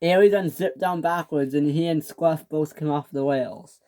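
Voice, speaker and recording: At normal speed and with no echo, a narrator tells a toy train story, repeatedly restarting and correcting himself while acting out character lines in raised, louder voices.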